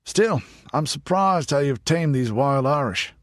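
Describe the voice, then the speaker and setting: Man voicing a big older ranger, gruff, teasing, raised pitch, dry sound. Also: animated, measured pace, no room sound. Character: big burly older English ranger, wry joker.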